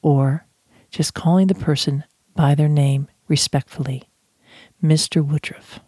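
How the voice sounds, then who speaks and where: A communication trainer giving a chatty, animated teaching talk with self-deprecating asides. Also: medium pitch, a little slow, breathy edge, no room sound, clean studio sound. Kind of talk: podcast-style teaching talk.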